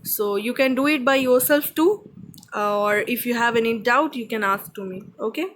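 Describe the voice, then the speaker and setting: A woman's voice: on the high side, normal speed, fairly bright tone, a little hiss or hum, poor audio. Indian English teacher woman, patient. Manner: explains patiently, repeats points, checks with "okay?". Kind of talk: grammar lesson to students.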